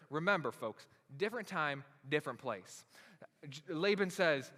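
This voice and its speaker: A man's voice: a little high, expressive, moderate pace, fairly bright tone, long reverb tail. A man preaching a sermon as pastor, retelling a story casually and acting out its characters in everyday voices.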